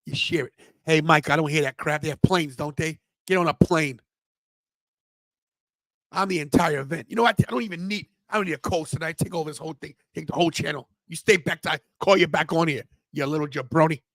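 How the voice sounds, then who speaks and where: A man's voice: fairly high pitch, a little fast, fairly bright tone, no echo. A man hosting a wrestling watch-party livestream, ranting at his chat with brash, mock-outraged promo bravado. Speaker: podcast host.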